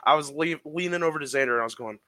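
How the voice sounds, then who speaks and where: A man's voice: fairly high pitch, very fast, bright, forceful tone, no room sound. A young man from Michigan co-hosting a podcast, telling crude stories in a joking casual way. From Michigan, Midwest US. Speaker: podcast co-host. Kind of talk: casual chat.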